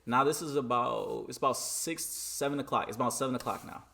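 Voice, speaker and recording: A man from Michigan telling a story in a casual vlog, animated and dramatic, often repeating "you know what I'm saying.". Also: medium pitch, brisk, vocal fry. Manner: dramatic re-enacting of dialogue.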